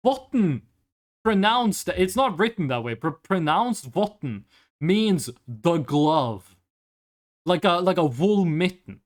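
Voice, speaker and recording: Man, game streamer, high-pitched, lively rambling banter. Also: slow. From Norway. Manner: animated, joking, rambling. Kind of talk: live game stream chatter with viewers.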